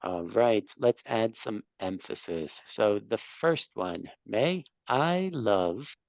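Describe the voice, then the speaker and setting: A man's voice: on the low side, animated, slow, vocal fry, a little mellow, dry recording, muffled recording. A man teaching an English class, patiently explaining grammar and correcting students.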